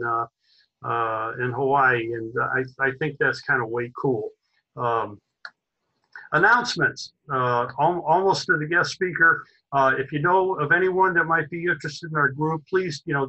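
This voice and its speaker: A man hosting an online society meeting, speaking haltingly with many fillers and restarts. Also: fairly high pitch, sharp tone, dull audio. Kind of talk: hesitant introductory remarks.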